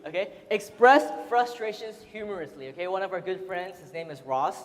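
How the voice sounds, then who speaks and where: A man's voice: high voice, fairly quick. Chatty man presenting in a hall. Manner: chatty, laughing often, frequent fillers. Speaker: seminar speaker. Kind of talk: casual seminar presentation. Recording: roomy hall reverb.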